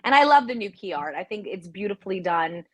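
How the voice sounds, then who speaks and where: A woman in her forties with a clear New York accent talks as a guest on a late-night web show. She is chatty and bubbly, and she mimics her own voice as she tells a story. The sound is dry and close, heard over a video call at a middle pitch. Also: sing-song, a little fast, dry recording. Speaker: guest actress. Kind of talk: casual interview chat.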